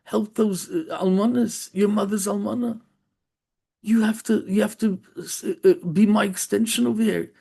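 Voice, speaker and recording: A man's voice: high-pitched, steady tone, unhurried, gravelly, few pauses, dark tone, heavily acted. A man voicing a grieving dead father who pleads with his son from heaven, repeating himself. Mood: pleading. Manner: pleading, repetitive.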